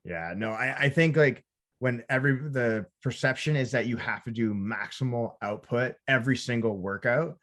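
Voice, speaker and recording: A male co-host of a casual podcast, speaking at a middle pitch. He talks in loose, halting bursts and swears freely. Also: fairly bright tone.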